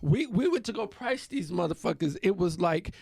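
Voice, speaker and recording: High, gravelly-voiced man hosting a chat. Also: lively intonation, moderate pace, darkish tone, no room sound, studio quality. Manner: profane, laughing storyteller who acts out scenes. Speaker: podcast host. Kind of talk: casual comedic chat.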